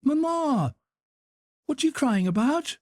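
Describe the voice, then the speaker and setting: A man reading an audiobook, voicing a sleepy, affectionate little boy in a high, eager voice. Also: sing-song, slow pace, dry recording, heavily acted. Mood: fretful. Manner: high, eager, fretful child's voice.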